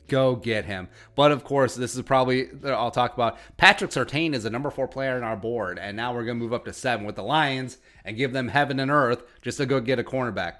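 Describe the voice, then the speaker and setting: A man's voice: medium pitch, fairly bright tone. A man hosting a sports podcast, giving casual, sarcastic commentary with joking asides. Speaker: podcast host.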